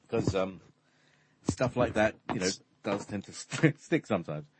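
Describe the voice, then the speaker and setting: Halting low-voiced spiritual teacher. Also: male voice, expressive, background noise. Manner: hesitant, halting, many fillers. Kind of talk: explanatory conversation.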